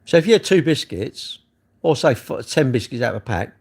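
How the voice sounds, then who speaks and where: A man's voice: mid-range voice, big pitch swings, fairly quick, gravelly, husky. Man grumbling through a rambling late-night phone livestream. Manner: chatty, self-mocking, grumbling. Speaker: livestream host. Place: bedroom at night.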